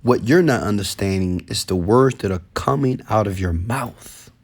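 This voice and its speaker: A man giving a motivational talk, preachy, repeating phrases and swinging between low murmurs and a raised voice. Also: normal speed. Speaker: motivational speaker.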